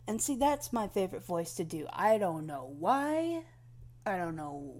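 A young woman talks through a questionnaire in a loose, meandering ramble, poking fun at herself as she goes. Her voice sits on the low side, and she takes her time. She often circles back and restarts her sentences. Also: sing-song, measured pace, a little mellow.

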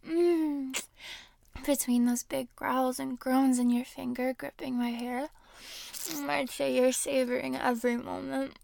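A young woman in an intimate audio role-play, teasing and breathy, close to the microphone. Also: high voice, a little mellow.

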